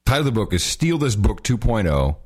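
A man co-hosting a podcast, chatting casually with grumbling, animated banter. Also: lowish voice, brisk, breathy edge. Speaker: podcast co-host.

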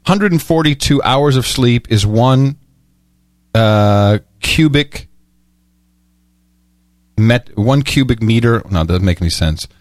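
A middle-aged man co-hosting a casual podcast, telling stories in a rambling, animated way. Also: medium pitch, slow, pauses often, no room sound. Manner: rambling, animated storytelling, with many restarts. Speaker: podcast host. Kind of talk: casual chat.

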